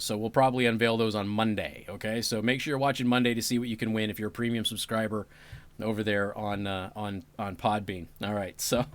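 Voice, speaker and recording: A man's voice: mid-range voice, a bit bright, dry recording. A man hosting a talk show, chatting casually with listeners and turning sarcastic on political topics. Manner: sarcastic, apologetic asides, breaks into laughter. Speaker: radio talk show host. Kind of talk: casual livestream commentary.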